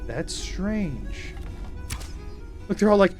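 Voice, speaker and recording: A man's voice: sits high, expressive, fairly quick, soft background music. A man giving playful, joking commentary as he streams a game and chats with his viewers. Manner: playful, jokey, talks to chat. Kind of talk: casual gameplay commentary.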